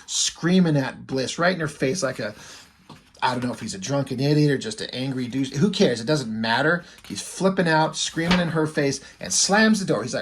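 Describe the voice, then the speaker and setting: A man's voice: fairly high pitch, expressive, normal speed, breathy edge. A man casually recapping a comic book story in a rambling, filler-heavy way, swearing freely.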